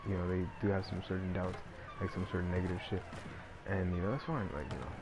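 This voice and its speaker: A man with a fairly low voice rants casually over his gameplay. He rambles and swears, stacking one filler word on another. There is constant noise in the background. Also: quick pace. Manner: profane, rambling, heavy on filler words. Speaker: gameplay commentator. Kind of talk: casual ranting chat. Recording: noisy background.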